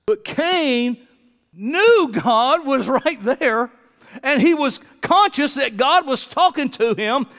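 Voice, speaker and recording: A man preaching a sermon, rambling between quiet musing and emphatic declarations. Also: very high-pitched, animated, takes it slowly. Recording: long hall reverb.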